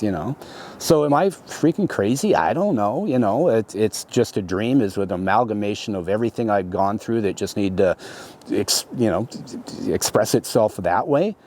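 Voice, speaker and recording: A middle-aged man, an interview guest, telling a story in a rambling, halting way, full of restarts and "you know". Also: on the low side, animated, a little mellow, a little hiss or hum. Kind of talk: conversational storytelling.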